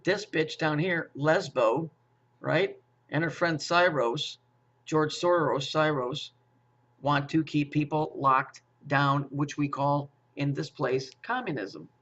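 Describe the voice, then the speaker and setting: Male commentator, fairly high-pitched, profane rambler who stammers and restarts, muffled lo-fi audio. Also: slow, a bit bright. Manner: profane, repetitive, with stammered restarts and rhetorical questions. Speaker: conspiracy commentator. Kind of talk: rambling monologue.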